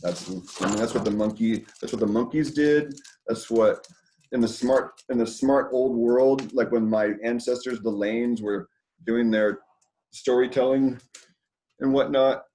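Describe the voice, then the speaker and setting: A man's voice: medium pitch, fairly even intonation, measured pace, warm tone, low-quality recording. A man hosting a community dinner talk, rambling loosely to a small group indoors with lots of fillers and casual swearing.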